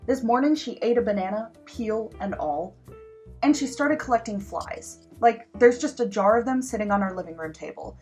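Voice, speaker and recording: A woman's voice: on the high side, animated, moderate pace, a little mellow, faint music behind, lightly acted. A woman playing a young college student reading her earnest letters home in a comic monologue. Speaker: improv performer.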